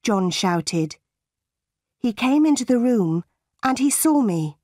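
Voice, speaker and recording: A woman narrating a simplified novel for an audiobook, reading slowly, clearly and deliberately. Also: on the high side, animated, darkish tone, no room sound, studio quality.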